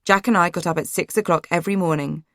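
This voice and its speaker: Low, subdued woman narrating a memoir. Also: quick pace, a bit bright, no echo, studio quality. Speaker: audiobook narrator. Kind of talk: first-person memoir narration.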